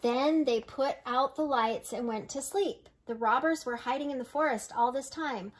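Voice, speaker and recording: An older woman reading a storybook aloud to children, gentle and unhurried, slowing on dramatic phrases. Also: high-pitched. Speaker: storybook reader.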